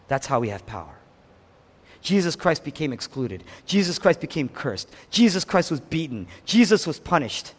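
A male pastor delivers an impassioned sermon, his slightly high voice climbing to loud peaks and falling to hushed lows. His pitch moves all over the place, and a long reverb from the church hall trails each line. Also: big pitch swings, moderate pace.

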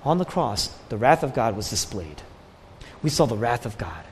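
A male pastor preaching a sermon, swinging from loud declarations down to hushed near-whispers. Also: mid-range voice, big pitch swings, normal speed, slight background noise. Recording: long hall reverb with faint ambience.

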